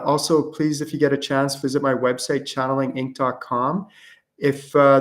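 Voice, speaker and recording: Rambling casual man hosting a live Q&A. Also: mid-range voice. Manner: casual, rambling with many fillers and restarts. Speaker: host and spiritual channeling teacher. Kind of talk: live-streamed Q&A talk.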